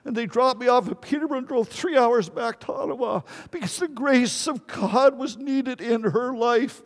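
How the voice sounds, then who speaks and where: A man's voice: very high voice, moderate pace. An older man, a pastor telling a story in a sermon and pleading earnestly with his congregation. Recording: long hall reverb.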